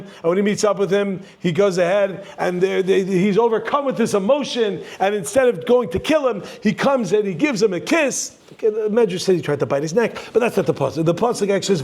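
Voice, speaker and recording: A man teaching a Torah class to a live audience, telling the story with jokes and acting out the characters' lines. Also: high voice. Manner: animated, jokey, acts out characters' lines. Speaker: rabbi teaching.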